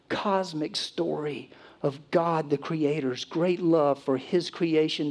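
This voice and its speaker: Earnest male pastor preaching. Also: high voice. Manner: earnest, swings from hushed to emphatic. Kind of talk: sermon.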